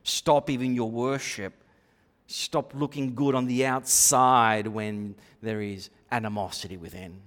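Animated male preacher in a reverberant church. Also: mid-range voice, a little slow. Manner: animated preaching with sudden loud and quiet swings. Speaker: pastor. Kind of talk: sermon. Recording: long reverb of a church hall.

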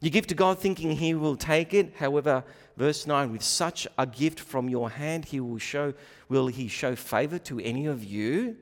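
Male preacher, higher register, animated sermon delivery that swings between loud and hushed, recorded in a hall with a long echo. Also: moderate pace. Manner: animated, acts out quoted voices, rising and falling loudness. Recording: long reverb of a large hall.

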